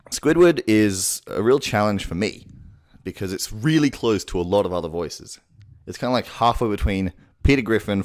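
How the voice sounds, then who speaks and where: A man giving a crude, rambling, self-mocking voice-impression tutorial at home. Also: low voice. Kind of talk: casual tutorial. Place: home room at night.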